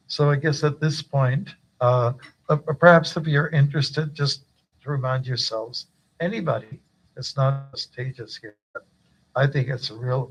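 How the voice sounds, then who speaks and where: A man's voice: medium pitch, low-quality recording. Chatty older man giving initiation. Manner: chatty, joking, with frequent fillers and laughs. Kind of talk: informal initiation talk. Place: temple gathering.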